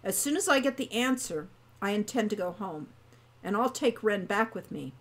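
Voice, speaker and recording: Woman reading a bookish young guy, cold and sardonic, lively pitch. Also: normal speed. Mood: calm.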